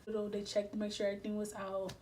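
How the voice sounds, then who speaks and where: A young woman talks straight to her audience in a storytime vlog. Her voice sits at an ordinary middle pitch, and her subdued, emotional delivery stays candid and full of slang and swearing. A faint hiss runs underneath. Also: completely flat delivery, racing, a little mellow, rough recording. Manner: candid, slangy and profane, with repetitive phrasing. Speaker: vlogger.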